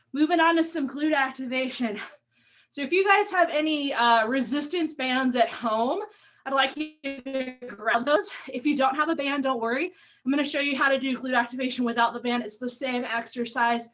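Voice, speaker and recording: A woman's voice: high-pitched, a bit bright, far from the mic, low-quality recording. A woman fitness coach leading an online workout class, cueing moves and counting down reps while a little out of breath. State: slightly out of breath. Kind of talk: live online workout instruction.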